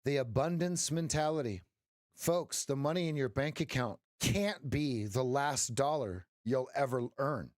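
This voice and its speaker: Middle-aged man, trading stream host, jokey and chatty with viewers, mid pitch, dry close sound. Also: measured pace, a little mellow, no echo. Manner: joking, talks straight to chat, folksy pep talk. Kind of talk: casual livestream chat with viewers.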